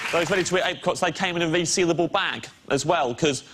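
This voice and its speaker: A man delivers deadpan, wry jokes in a rather high voice. He is recorded in a TV studio. A loud audience roars with laughter behind him. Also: fast, over a noisy crowd, heavy background noise. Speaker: comedian. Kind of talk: stand-up comedy on a panel show.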